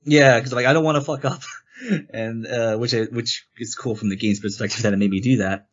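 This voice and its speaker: A man's voice: medium pitch, fairly quick, highs cut off. A man co-hosting a casual game review podcast, rambling through the story and acting out quoted lines. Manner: rambling, animated retelling with quoted character lines. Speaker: podcast co-host.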